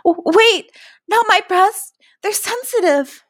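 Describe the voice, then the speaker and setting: A woman voicing a frightened young woman pleading, in high, shrill cries. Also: expressive, takes it slowly, fairly bright tone, full character voice. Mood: pleading, distressed.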